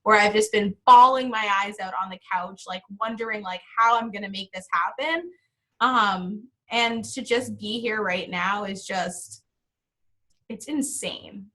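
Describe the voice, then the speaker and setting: A woman's voice: medium pitch, unhurried, sharp tone. A woman hosting a live-streamed closing talk for her online school, speaking in a heartfelt, casual way, swearing now and then and reading viewer comments aloud. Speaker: founder and host of an online school.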